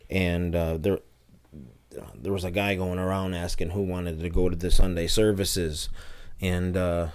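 A man with a fairly low voice tells his personal story as an interview guest. He talks earnestly, circling back with fillers and restarts as he recalls events. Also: a little mellow. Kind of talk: personal testimony.

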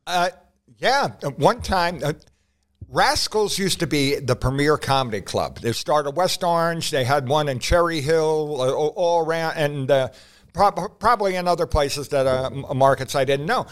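A man in a casual podcast chat, speaking hesitantly with many pauses and dry quips. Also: a little high, expressive.

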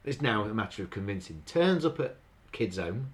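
A man, casually chatting as a podcast co-host and retelling scenes in halting bursts. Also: on the low side, big pitch swings. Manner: chatty, halting, recounts scenes with quoted lines. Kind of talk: casual chat.

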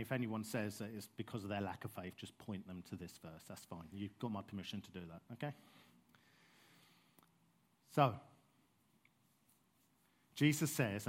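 A man preaching a sermon in a passionate, conversational way, with frank asides to his listeners. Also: fairly low pitch.

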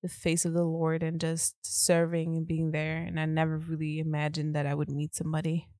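A woman from Germany co-hosting a podcast, telling a story in an animated way and laughing often. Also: deep voice, fairly quick, no room sound, studio quality. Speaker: podcast co-host. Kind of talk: casual storytelling chat.

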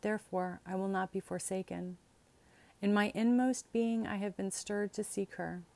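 A woman reads scripture passages and canticles aloud at a measured, steady pace, in a liturgical reading style. The sound is dry and close, with no room echo. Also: medium pitch, vocal fry. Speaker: scripture reader.

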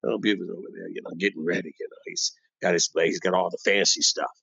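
An actor playing an older, bossy, old-school barbershop owner who rambles and boasts in street talk, delivered as a comic monologue. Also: male voice, sits low, steady tone, fast talker, vocal fry, sharp tone, dry recording, full character voice. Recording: dull dry lo-fi recording.

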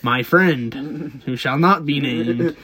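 A man's voice: medium pitch, takes it slowly, a crowd in the background. A young man on a casual podcast telling a story bluntly, swearing freely. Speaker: podcast co-host. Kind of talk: casual crude chat.

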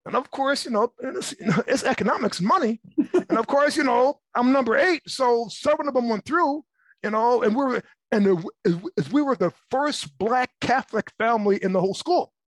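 A middle-aged man being interviewed, telling personal stories in a lively way and acting out the voices of people in them. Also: extremely high pitch, moderate pace, no echo, low-quality recording. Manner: animated, acts out voices in his stories. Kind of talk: personal storytelling.

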